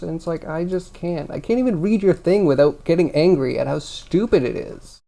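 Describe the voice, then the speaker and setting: A man's voice: a little high, fairly quick, vocal fry, hardly any pauses, dark tone. A man livestreaming as he works on a computer, venting his frustration aloud to his viewers in casual chat.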